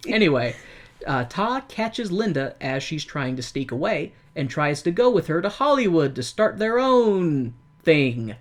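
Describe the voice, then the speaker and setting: A podcast co-host retelling a musical's plot in relaxed, chatty talk. The delivery is loose and rambling, full of likes and restarts, and it turns animated when the characters' lines get acted out. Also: mid-range voice, unhurried. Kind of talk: casual podcast chat, recapping a musical.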